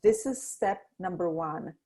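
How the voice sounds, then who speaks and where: A middle-aged woman talking as a podcast guest about energy and intuition, animated, laughing often and acting out the voices she quotes. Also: fairly low pitch. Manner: slows to a soft guiding tone in exercises. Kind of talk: conversational interview.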